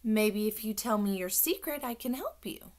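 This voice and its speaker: A woman voicing a calm, patient male school principal in an audiobook. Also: medium pitch, normal speed, natural voice. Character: stern deep-voiced male school principal.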